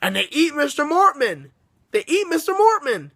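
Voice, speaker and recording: A young man with a high-set voice retells a book's plot in a loose, rambling way. He swears casually and keeps apologizing for going off topic. The sound is dry and close, with no room around it. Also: sing-song, moderate pace, gravelly, a bit bright, no room sound. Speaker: book reviewer. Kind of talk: casual rambling book recap. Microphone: phone camera.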